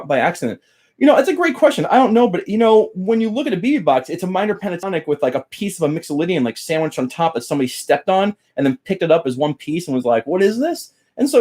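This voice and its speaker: A man's voice: a little high, a little mellow. A man teaching guitar on a casual live stream, rambling, chatting with viewers by name and losing his train of thought. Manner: greets chat viewers by name while teaching.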